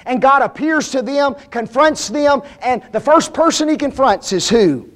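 A man's voice: very high-pitched, animated, moderate pace. A man preaching a sermon in a folksy, plain-spoken way, often putting rhetorical questions to the congregation.

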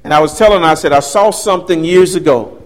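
A man's voice: a little high, quick pace. A man in his fifties telling a personal childhood story, acting out the voices of the people in it. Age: 50s. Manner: animated storyteller, acts out quoted voices.

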